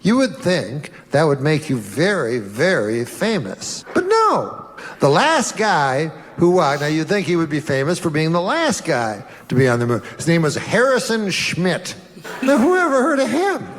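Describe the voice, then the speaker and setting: A middle-aged man telling jokes in a dry, halting way, pausing long before each punchline. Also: a little high, big pitch swings, long reverb tail. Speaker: stand-up comedian in played clip. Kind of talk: deadpan storytelling joke delivery.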